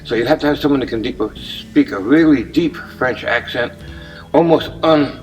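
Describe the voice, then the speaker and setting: A man casually pitching a movie idea in a meandering monologue, with restarts and uneven loudness. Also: brisk, recorded from a distance, faint music behind, low-quality recording.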